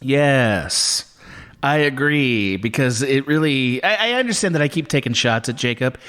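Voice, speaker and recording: A man co-hosting a podcast in casual chat, halting and dry, with many fillers. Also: medium pitch, lively intonation, a bit bright, long reverb tail. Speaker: podcast co-host.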